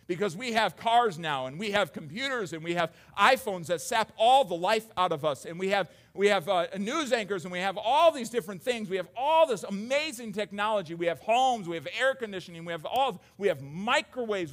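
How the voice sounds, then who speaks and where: A man with a notably high voice preaches a sermon to his congregation. He talks in a loose, conversational way, stumbling and repeating words as he goes. His delivery swings between quiet, low passages and raised, excited ones.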